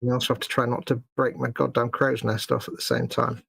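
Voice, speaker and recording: A man's voice: medium pitch, flat delivery, creaky, a bit bright, slightly rough. A man co-hosting a live stream, chatting casually while painting models, grumbling and mocking himself. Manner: self-mocking, grumbling, quick to laugh. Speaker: co-host.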